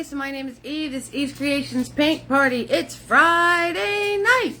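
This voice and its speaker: A woman's voice: sits high, lively intonation, slow pace, few pauses, bright, forceful tone. Bubbly singsong woman hosting a paint stream. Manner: bubbly, repeats greetings in a singsong. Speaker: paint party host. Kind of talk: live-stream painting class chat.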